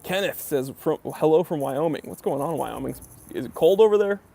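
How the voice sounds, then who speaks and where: His voice is a little high and dark in tone, with vocal fry, and he speaks fairly quickly. The man hosts a casual watch live stream, reading chat comments out loud and answering them in a loose, rambling style full of ums and uhs.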